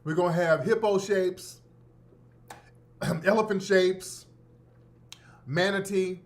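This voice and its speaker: A brash, sarcastic man hosting a talk-radio show, with a fairly high speaking voice. He talks in loose slang and hammers his points by repeating them. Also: slow pace. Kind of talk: opinionated talk-radio commentary.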